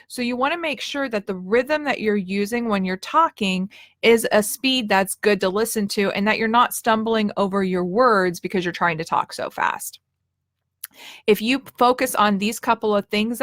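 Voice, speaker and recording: A woman's voice: mid-range voice, fairly bright tone, dry recording. Lady coach chatting to her viewers, friendly and direct, dry close sound. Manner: friendly, direct, conversational with small restarts. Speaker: leadership coach. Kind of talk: casual teaching talk.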